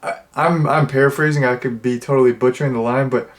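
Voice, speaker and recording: A man's voice: mid-range voice, fairly even intonation, fast. A young man reviewing a comedy film in a casual, rambling way, full of fillers and restarts. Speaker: movie reviewer.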